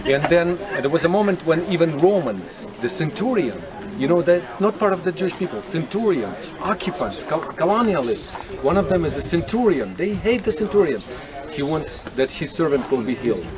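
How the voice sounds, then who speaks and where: A man's voice: on the high side, big pitch swings, normal speed. A man leading a tour group outdoors, talking casually and asking his listeners questions as he explains. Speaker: tour guide. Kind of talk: guided tour talk. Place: outdoors at a historic site. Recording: outdoor recording with crowd noise. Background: crowd chatter.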